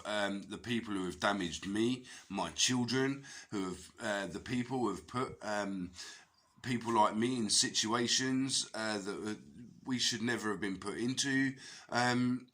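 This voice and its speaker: Man, lowish forceful voice, rambling swear-laden personal monologue, raw and emotional. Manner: raw, heavily profane, emotional outbursts. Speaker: tarot reader.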